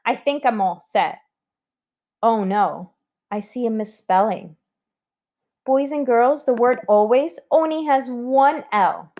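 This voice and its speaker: Teacher woman, higher voice, unhurried, spells words letter by letter for young pupils. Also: dark tone. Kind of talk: recorded spelling lesson for children.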